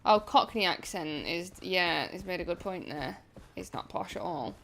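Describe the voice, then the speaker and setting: A woman's voice: fairly low pitch, expressive, vocal fry, fairly bright tone, slight background noise. Chatty northern English woman streamer. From England. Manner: chatty, rambling, quick to laugh. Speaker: gaming streamer. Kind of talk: casual chat while playing.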